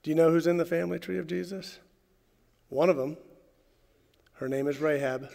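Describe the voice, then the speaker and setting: A man's voice: a little high, normal speed, gravelly. Preaching man, reverberant church. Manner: preacherly, rising to shouts and dropping to hushed tones. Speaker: pastor. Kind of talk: sermon. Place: church sanctuary.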